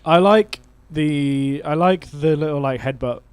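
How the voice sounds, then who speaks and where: A man's voice: a little high, a little slow, a little mellow, clean tone, dry recording. A man co-hosting a game channel, musing casually as he plays. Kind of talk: casual chat while playing.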